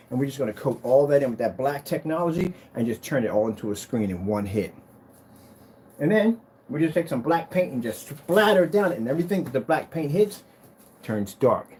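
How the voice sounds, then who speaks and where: A hyped-up man talks through a casual product demo vlog, rambling from one thought to the next. His voice climbs and dips with lots of movement. A faint hum of room ambience sits behind him. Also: a little high. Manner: excitable, rambling, hyped-up talk. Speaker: screen paint business owner demonstrating products.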